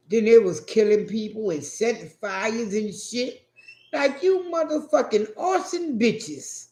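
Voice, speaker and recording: A man telling a profane, animated story in a casual rant, acting out what people said. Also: high voice, unhurried. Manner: profane, animated, acts out quotes. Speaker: vlogger. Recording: echoey room.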